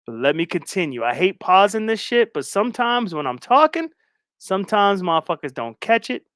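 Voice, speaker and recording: A man's voice: high-pitched, sing-song, moderate pace, a bit bright, dry recording, studio quality. A man hosting a stream and giving casual, blunt, profane reaction commentary. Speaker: streamer host.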